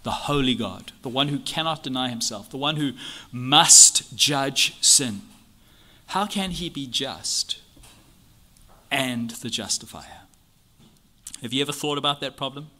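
A bright, forceful male voice leading an expository Bible lesson. He reads passages aloud and drives each point home with a string of earnest rhetorical questions. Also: mid-range voice, lively intonation, unhurried, pauses often. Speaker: Bible teacher. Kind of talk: expository teaching on a church confession.

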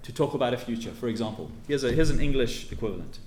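Teacherly preacher in an echoey hall. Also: male voice, medium pitch, lively intonation, fast talker, a little mellow. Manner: teacherly, emphatic, stresses key words. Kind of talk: expository sermon. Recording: echoey room with faint ambience.

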